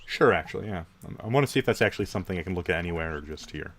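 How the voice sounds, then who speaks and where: A man's voice: low-pitched, expressive, racing, a bit bright. A man co-hosting a let's play in casual gaming chat, thinking aloud in a hesitant way.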